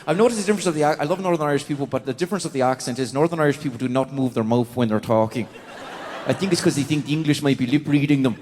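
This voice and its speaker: A man's voice: mid-range voice, very fast, darkish tone. A Scottish man doing a chatty, self-mocking stand-up set on a large theatre stage. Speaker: stand-up comedian. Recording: theatre stage reverb, faint noise.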